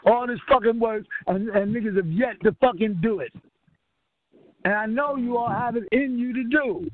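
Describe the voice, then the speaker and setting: A man's voice: very high-pitched, normal speed, no echo. A man leading a profane call-and-response sermon, quizzing his listeners with rhetorical questions that they finish. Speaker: spiritual leader. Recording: tinny lo-fi line with faint hiss.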